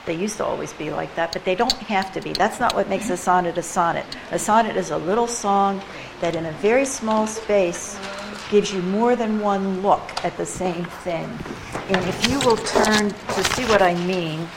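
A woman leading a poetry workshop, chatting casually with quick asides while recorded in a classroom. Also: medium pitch, gravelly. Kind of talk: casual teaching talk. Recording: room ambience and background noise.

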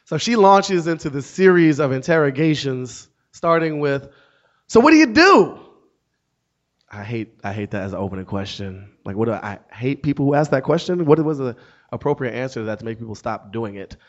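A man in his thirties, a comedian and author, telling a story to an audience with wry, deadpan asides. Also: mid-range voice, brisk. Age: 30s. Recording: dull lo-fi sound.

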